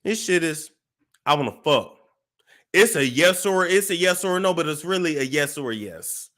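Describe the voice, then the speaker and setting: A man hosting a celebrity gossip show, telling a story with dramatic pauses, restarts. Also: on the high side, lively intonation, pushed and bright. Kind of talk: casual gossip commentary.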